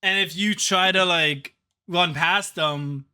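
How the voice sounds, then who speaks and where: A man's voice: sits high, slow, pushed and bright, clean tone. A young man co-hosting a casual gaming podcast, ranting jokingly and laughing often. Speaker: podcast co-host.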